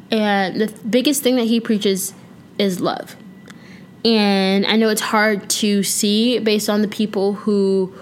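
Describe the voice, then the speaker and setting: A woman's voice: mid-range voice, a little hiss or hum. A young woman hosting a casual solo podcast, chatting playfully with slang and now and then breaking into song. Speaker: podcast host.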